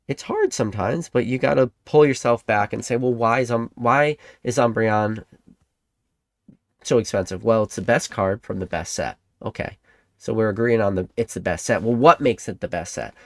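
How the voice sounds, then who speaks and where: A man hosting his own channel, talking in a rambling, animated way and acting out the imagined replies of his viewers. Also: fairly low pitch, normal speed, dry recording, studio quality. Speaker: Pokemon card collector and channel host. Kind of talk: casual monologue to camera.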